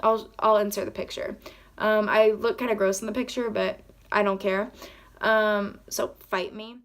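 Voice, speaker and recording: A woman telling a story in a casual vlog, rambling excitedly with lots of "like" and acting out what people said. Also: medium pitch, normal speed. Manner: acts out quoted lines in her own voice. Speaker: vlogger.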